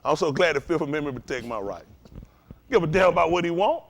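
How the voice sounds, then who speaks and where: A man preaching a fiery lesson, his voice sitting high and leaping around with animated swings. He is profane and provocative, peppering the room with rhetorical questions. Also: fast talker. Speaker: teacher of a religious study group.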